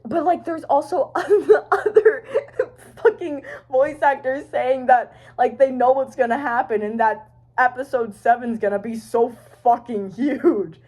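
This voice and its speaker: A woman's voice: sits high, slow pace, warm tone. A woman vlogger talking to her phone camera in a rambling, casual way, swearing and trailing off. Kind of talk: rambling casual fan chat.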